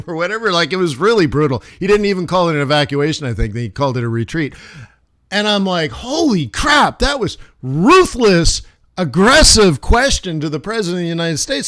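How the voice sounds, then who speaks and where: A man's voice: high voice, fairly bright tone. A middle-aged man, a forex trader, talking casually and rambling on a live stream, with restarts and acted asides. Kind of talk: casual livestream commentary.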